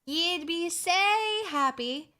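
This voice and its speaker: A streamer voicing a playful mock Scottish reader, reading aloud slowly in a sing-song way with a put-on Scottish accent. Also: female voice, extremely high pitch, lively intonation, pushed and bright, pitched above the performer's own voice, heavily acted. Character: playful woman doing an exaggerated Scottish brogue.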